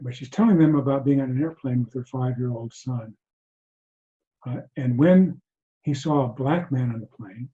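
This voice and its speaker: A man teaching mindfulness to an online group, speaking softly and haltingly with frequent restarts over a video call. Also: medium pitch. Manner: soft-spoken, halting, many restarts. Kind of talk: reflective talk to an online group. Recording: dull lo-fi video call audio.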